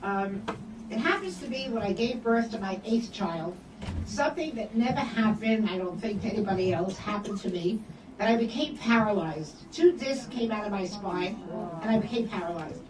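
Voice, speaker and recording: An older woman telling personal memories to an audience, animated, acting out the voices in her quoted dialogue. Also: medium pitch, normal speed. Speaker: speaker sharing memories. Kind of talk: personal storytelling talk. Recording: echoey room from far off, noisy.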